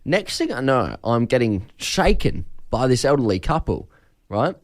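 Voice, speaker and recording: A man's voice: medium pitch, very animated, moderate pace. An Australian man co-hosting a breakfast radio show, telling a story animatedly and acting out the people in it. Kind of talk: casual radio banter. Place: radio studio.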